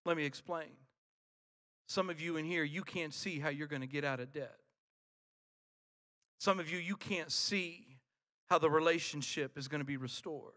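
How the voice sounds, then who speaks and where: High, bright-voiced preaching pastor. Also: male voice, moderate pace, long pauses, long reverb tail. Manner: builds from quiet to shouted preaching. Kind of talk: sermon. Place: large church hall.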